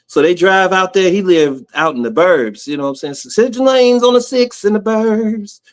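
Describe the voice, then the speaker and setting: American guy as a podcast guest, tells stories in a lively casual way, slightly high voice. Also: normal speed. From United States. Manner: animated, acts out the people in his story. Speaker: guest, music executive. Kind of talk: casual storytelling.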